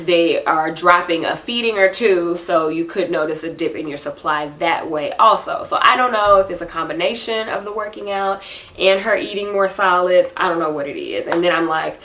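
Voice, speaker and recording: A woman's voice: fairly low pitch, moderate pace, a bit bright. A young adult woman talking casually about her baby in a vlog, chatty and breaking into sing-song baby talk at home. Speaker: vlogger and mother. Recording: echoey room.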